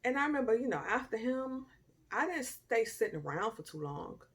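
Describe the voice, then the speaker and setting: A young woman telling a personal story to camera in a casual, animated way, with loud outbursts, quiet murmurs and slangy asides. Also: fairly high pitch, fairly quick. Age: young adult. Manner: informal Southern-style slang and asides. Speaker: storytime vlogger.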